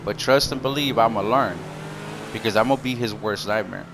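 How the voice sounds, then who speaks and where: A man's voice: on the low side, normal speed, gravelly, background noise. A man ranting casually to his viewers in a heated, repetitive way, full of slang. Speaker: gaming YouTuber. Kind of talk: casual rant to camera.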